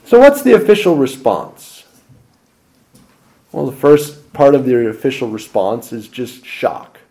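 Speaking a little slowly in a medium-pitched, sing-song voice, a male pastor preaches a sermon. He asks rhetorical questions, alternating between loud emphasis and soft asides.

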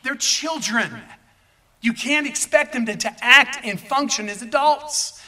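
Man preaching, high bright voice, animated, lively asides to the congregation. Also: measured pace, distant mic. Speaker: pastor. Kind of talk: sermon.

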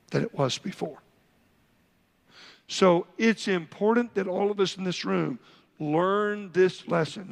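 A man's voice: sits high, creaky. A man preaching a midweek sermon as pastor, asking his congregation questions and telling stories from church life. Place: church sanctuary. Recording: long church hall reverb.

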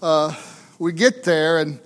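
A pastor from the United States spins a humorous story from the pulpit in a fairly high voice. He speaks slowly and in a folksy, chatty way. He keeps checking in with his listeners through tag questions.

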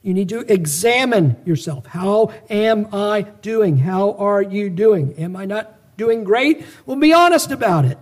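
A man delivering a sermon in a notably high voice. He presses his hearers with rhetorical questions and earnest calls to examine themselves, slowing down to stress key phrases. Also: animated. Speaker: preacher.

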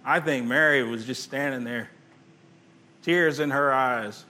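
A man preaching a sermon, swinging between loud emphasis and hushed, quiet passages, reading scripture aloud in old-fashioned wording. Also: mid-range voice, unhurried, a little hiss or hum. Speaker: pastor.

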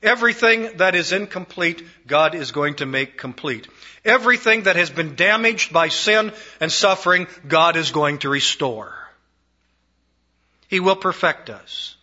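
Bright-voiced emphatic male preacher. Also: animated, a little slow. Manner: emphatic, swinging between raised declarations and hushed low phrases. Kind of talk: sermon. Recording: dull lo-fi recording.

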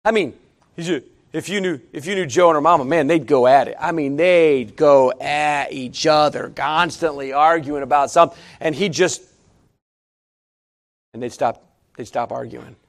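A middle-aged man preaching a sermon, shifting from chatty storytelling to loud, emphatic preaching. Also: fairly high pitch, normal speed. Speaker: pastor.

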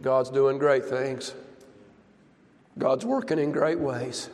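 An older man preaching a folksy, impassioned sermon that builds to shouts. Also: mid-range voice, steady tone, slow. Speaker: pastor. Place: church service. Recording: long church reverb.

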